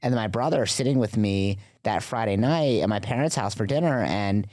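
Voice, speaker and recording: A man's voice: on the low side, fairly quick, no room sound, clean studio sound. A man as a podcast guest, telling a story in a casual, chatty way with lots of fillers. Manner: chatty, filler-heavy, animated retelling.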